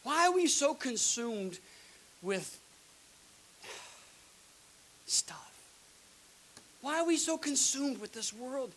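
A man preaching a sermon as pastor, folksy and energetic, with bursts of loud shouting. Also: very high-pitched, measured pace, rough recording.

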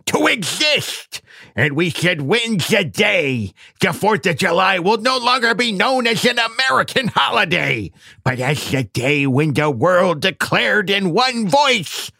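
A man putting on a nerdy voice to recite a grand, rousing speech slowly, with sudden loud swells. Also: high voice, vocal fry, no echo, clean studio sound, full character voice. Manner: slow, halting delivery with sudden loud swells.

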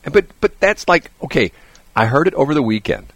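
A male radio host chatting casually in a studio, telling stories animatedly and laughing often, his voice a bit hoarse. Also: fairly high pitch, very animated, brisk, dry recording. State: slightly hoarse. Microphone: studio microphone.

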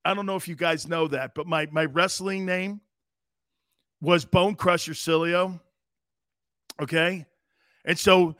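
A man's voice: a little high, steady tone, a little slow, pauses often, a bit bright, no room sound, studio quality. A man hosting a sports talk show, ranting in a brash, mocking way with profanity.

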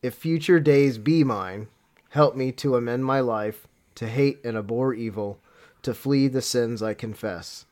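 A man hosting a podcast who is tired and sick with a cold, laughing often in chat and reading a prayer slowly and solemnly. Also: mid-range voice, a little mellow. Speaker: podcast host.

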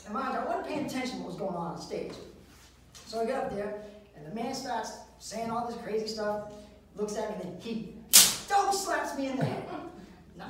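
A male comedian tells stories on stage with a lively delivery. His voice sits high and bounces up and down as he talks. It is caught by a distant mic and echoes strongly around the room. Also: slight background noise. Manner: animated storytelling with voices. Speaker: stand-up comedian. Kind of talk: stand-up comedy set. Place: live comedy venue.

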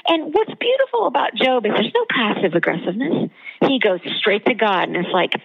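A woman guest talks with lively, emphatic energy, her voice sitting somewhat high. The audio is dull and lo-fi, like a modest podcast setup. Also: a little fast, creaky, breathy edge. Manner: animated, emphatic storytelling. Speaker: guest author and theologian. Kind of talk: podcast interview.

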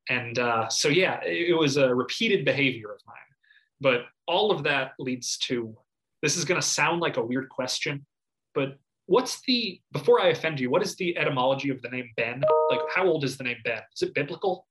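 Guy in his 30s, casual podcast chat, animated storyteller who yells out little impressions. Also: medium pitch, normal speed. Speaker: podcast co-host.

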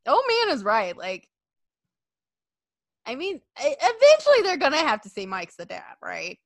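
Animated woman podcast co-host. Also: high-pitched, normal speed, no echo. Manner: animated, laughing often, acting out quotes. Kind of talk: casual wrestling podcast chat.

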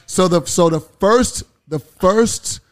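A middle-aged man from Miami and Houston, a music producer, telling animated stories in a casual podcast chat and acting out quotes. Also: high voice, takes it slowly, no room sound, studio quality. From born in Miami, from Houston. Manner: animated storyteller, acts out quotes, frequent swearing.

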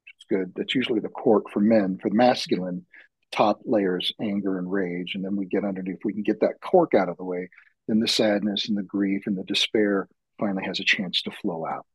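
A man's voice: fairly low pitch, steady tone, husky, no room sound, poor audio. A man guesting on a podcast and telling heartfelt, reflective stories from his work as a men's retreat facilitator. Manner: reflective, heartfelt, slow-building. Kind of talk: earnest personal storytelling.

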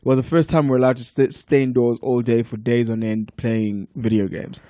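A man in his thirties from South Africa chats casually on a podcast. He tells his stories in a loose, unhurried way, swears freely and laughs easily, recorded close and dry with no room sound. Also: medium pitch, dry recording. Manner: relaxed storyteller, profane, laughs often. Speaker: podcast guest. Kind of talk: casual chat.

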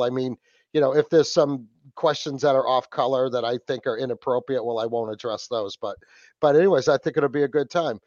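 A man's voice: medium pitch, a little mellow, no room sound, dull audio. A man from New England with a Boston accent, chatting casually as a podcast guest, rambling with lots of fillers and restarts. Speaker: podcast guest, host of his own podcast.

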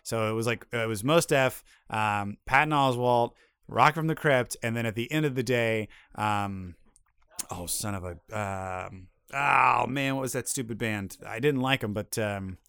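A middle-aged man tells stories in a lively, teasing way, a guest on a casual chat. His voice sits at an ordinary pitch. The sound is dry and close, with no room around it. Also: creaky, clear, resonant tone, no room sound. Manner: animated storyteller, quick teasing banter. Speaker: podcast guest, comedian and children's TV writer.

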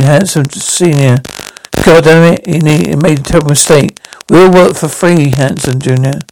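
Gravelly man reading a crime drama. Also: a little high, a little slow, darkish tone, slight background noise, poor audio. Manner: reads stage directions aloud between the characters' lines. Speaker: reader performing all parts.

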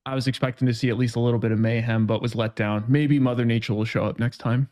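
A man's voice: mid-range voice, fairly even intonation, fast talker, a little mellow. Laid-back joking man, casual podcast chat. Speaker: options trading guest expert.

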